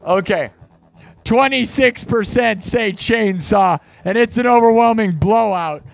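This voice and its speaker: A man's voice: high voice, vocal fry. A man hosting a live music stream in casual, brash, teasing chat. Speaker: livestream host and musician.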